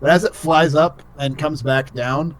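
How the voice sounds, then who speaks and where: A man's voice: fairly high pitch, fairly even intonation, measured pace. A young man narrating as game master in a casual, rambling way full of fillers.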